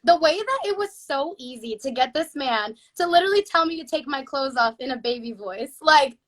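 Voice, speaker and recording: Young woman, guest, high voice, bright tone, animated, laughs a lot, casual swearing. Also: brisk. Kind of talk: casual chat, live Q&A.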